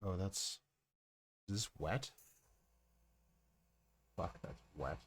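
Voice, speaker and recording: A man's voice: low-pitched, extremely slow, slightly rough. A man streaming live as he paints miniatures, rambling casually, mocking himself and swearing freely into a close desk mic.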